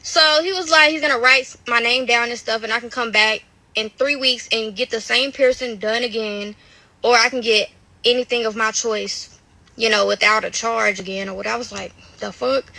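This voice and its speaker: A woman with a slightly high, gravelly voice tells what happened in a loose, slangy ramble full of fillers and swearing. The sound is dry and close, with no room in it. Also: fairly even intonation, normal speed, bright, forceful tone, no room sound. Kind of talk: casual storytime clip.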